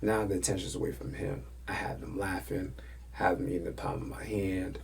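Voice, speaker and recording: Male podcast host, casual animated storyteller, gravelly and a bit low. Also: fairly quick. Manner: animated storytelling, acts out quotes.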